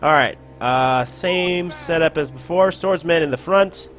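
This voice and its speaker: Excitable man narrating a strategy game. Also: fairly high pitch, measured pace, muffled recording. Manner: casual, excitable, yells orders and taunts enemies. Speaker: gameplay commentator. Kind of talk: let's play commentary.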